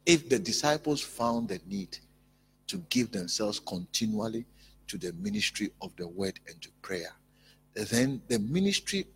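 A male pastor preaching a sermon in an emphatic, repetitive way, building up to loud peaks. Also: on the low side, slight background noise.

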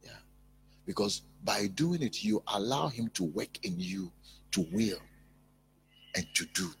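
A male pastor preaching a sermon in an emphatic, repetitive way, building up to loud peaks. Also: on the low side, sing-song, measured pace, creaky, a little hiss or hum.

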